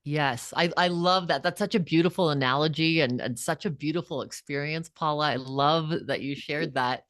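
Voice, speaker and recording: A woman author, appearing as an interview guest, tells a personal story earnestly and with animation, acting out the voices of people she quotes. Her voice is low-pitched and her speed normal, and there's no room sound.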